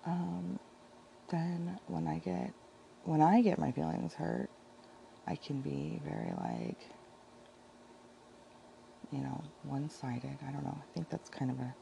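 A woman chatting casually about her Bible devotions, rambling and correcting herself often, with a heavy vocal fry. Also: deep voice, big pitch swings, measured pace, long pauses, dark tone, slight background noise, low-quality recording. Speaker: vlogger sharing Bible devotions.

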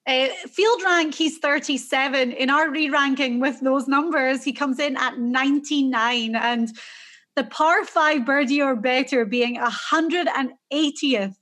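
A woman's voice: high voice, unhurried, fairly bright tone. A woman with a Scottish accent, co-hosting a casual golf analysis chat and thinking aloud with fillers. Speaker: co-host.

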